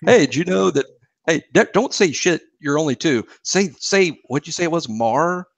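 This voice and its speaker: A man's voice: a little high, expressive, normal speed, creaky. A man in his fifties co-hosting a talk show, teasing his co-host and riffing with made-up dialogue. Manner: teasing, riffs with mock dialogue. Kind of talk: casual chat.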